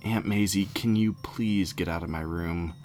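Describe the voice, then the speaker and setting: A man's voice: low voice, steady tone, normal speed, darkish tone, soft background music, lightly acted. A man voicing a nervous, skeptical young girl with a questioning manner. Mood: uneasy.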